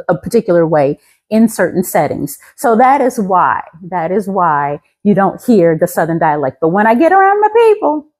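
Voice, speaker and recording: A woman in her fifties from Louisiana, raised in Colorado, chatting enthusiastically as a fashion vlogger with the crisp diction of a trained singer, often repeating her phrases. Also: medium pitch, darkish tone, low-quality recording. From Louisiana, raised in Colorado from seventeen. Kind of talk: casual outfit show-and-tell.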